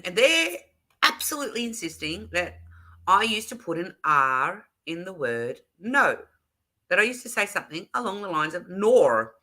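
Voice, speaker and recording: Bright-voiced chatty Australian woman. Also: mid-range voice. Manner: chatty, giggly, rambling with self-corrections, reads out viewer comments. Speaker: live stream host. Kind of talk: casual live stream chat.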